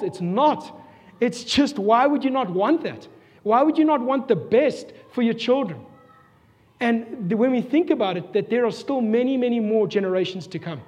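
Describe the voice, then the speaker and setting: High-voiced South African pastor preaching. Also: male voice, darkish tone. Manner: earnest, rhetorical questions, repeats himself. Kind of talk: sermon. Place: church hall. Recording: long reverb of a church hall.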